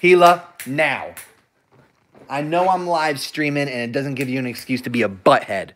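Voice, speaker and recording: A young man hosting a casual livestream, chatting playfully and talking softly to his pets between answers. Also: medium pitch, normal speed. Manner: playful, talks to his pets in soft baby talk and voices their thoughts. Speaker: livestream host with dogs.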